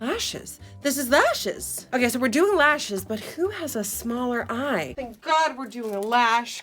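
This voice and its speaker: Bubbly high-voiced woman vlogging makeup. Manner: animated, exclaiming, reading steps aloud with running commentary. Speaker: beauty video host. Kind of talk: casual makeup challenge chat.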